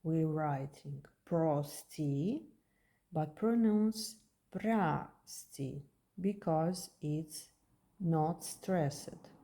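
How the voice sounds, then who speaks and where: A woman with a Russian accent, a native Russian speaker, gives a slow, patient beginner language lesson and repeats words for practice. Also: low voice, warm tone. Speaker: language teacher.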